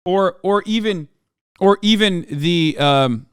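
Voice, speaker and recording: A man hosting a livestream, ranting at his chat in a profane, sarcastic, heated way, sometimes shouting. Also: slow, smooth, no echo, studio quality. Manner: shouts and raises pitch when ranting. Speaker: livestream host reacting to chat. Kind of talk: casual livestream rant.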